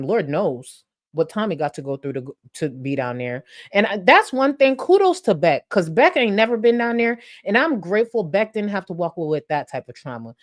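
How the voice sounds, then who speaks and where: A woman with a notably low voice hosts a live reaction stream. She talks bluntly and mockingly, throwing in crude jokes and plenty of profanity as she comments on clips. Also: darkish tone.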